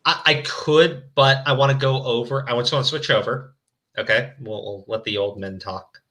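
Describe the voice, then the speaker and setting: A man's voice: medium pitch, steady tone, normal speed, fairly bright tone. A man hosting a stream, reading fan fiction aloud with mocking, profane commentary. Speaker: stream host.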